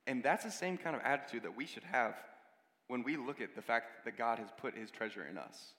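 A man's voice: mid-range voice, expressive, moderate pace, a bit bright. Man preaching in an echoing hall. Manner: conversational, with many asides and repeated words. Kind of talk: sermon. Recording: long hall reverb.

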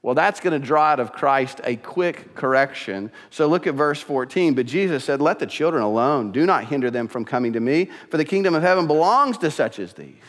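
Pastor, male, slightly high voice, earnest preacher building to emphatic repetition, church hall reverb. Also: lively intonation, a little fast, hardly any pauses, fairly bright tone. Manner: earnest, rising to emphatic preaching with repeated phrases. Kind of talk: sermon. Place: church sanctuary.

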